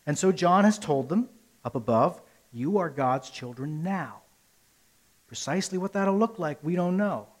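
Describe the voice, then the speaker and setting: Male pastor, somewhat high voice, earnest sermon, emphatic swells and quiet drops. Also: expressive, measured pace. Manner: earnest, rises to emphatic peaks then drops low; rhetorical questions and repetition.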